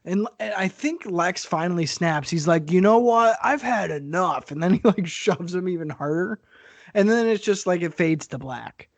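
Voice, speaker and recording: A man's voice: high voice, normal speed, no echo. A man co-hosting a podcast in casual, profane chat, laughing often and talking with animation. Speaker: podcast co-host.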